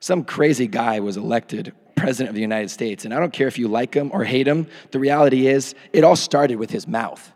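A man in his thirties preaching a sermon into a microphone, swinging from hushed asides to shouted peaks. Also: medium pitch, a little fast, few pauses. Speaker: pastor. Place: church hall. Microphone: handheld or podium microphone. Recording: long hall reverb.

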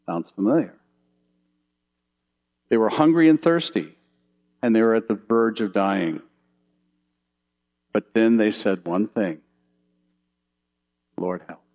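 Low-voiced man preaching a sermon. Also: takes it slowly, long pauses, rough recording. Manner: animated storytelling, asks the audience questions. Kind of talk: sermon with slides.

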